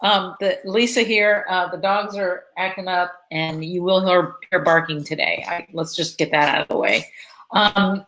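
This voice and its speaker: A woman from Florida chatting to camera, telling a personal story in a casual, animated way, with lots of fillers and restarts. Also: lowish voice, normal speed, low-quality recording. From Florida, USA. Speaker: vlogger.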